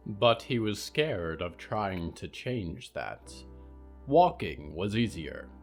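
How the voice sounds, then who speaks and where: A man narrating a scripted fiction story in a calm, even voice. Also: lowish voice, slow pace, faint music behind.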